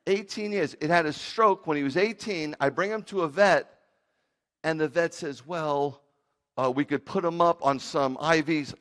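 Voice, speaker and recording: A man's voice: on the high side, normal speed. A man preaching a sermon as rabbi, telling funny stories with jokey asides. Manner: animated storytelling with jokey asides.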